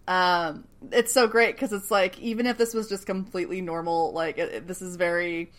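A woman's voice: lowish voice, moderate pace, heavy background noise. Chatty, laughing woman recapping a show. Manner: laughs often, animated, swears casually. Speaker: podcast co-host. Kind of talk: casual recap chat.

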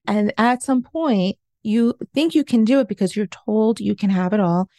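A woman's voice: mid-range voice, moderate pace, warm tone, no room sound, clean studio sound. A woman in her forties, a life coach, telling her own story in an interview in an earnest, confessional way. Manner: earnest, confessional, self-questioning.

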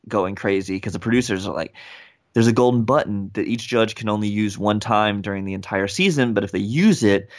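Young guy rapper telling a story, animated, does the voices of people. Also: on the low side. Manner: animated, acts out quoted voices. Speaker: guest, rapper and speaker. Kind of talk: casual storytelling in an interview.

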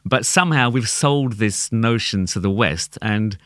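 A man with a London accent, a tabla player talking as a guest in a casual conversation, animated and quick to laugh, often repeating words as he thinks. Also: fairly low pitch, no echo, clean studio sound.

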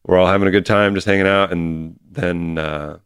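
This is a young man with a low, smooth, resonant voice, recorded dry and close. He tells a story in loose, laid-back chat among friends and swears freely as he goes. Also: fairly even intonation, moderate pace, fairly bright tone, dry recording. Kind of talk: casual chat.

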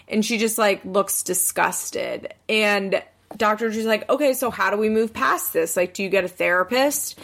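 A woman recapping a reality show in casual chat, swearing and acting out the people she quotes with big jumps in pitch. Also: normal speed, gravelly, a bit bright.

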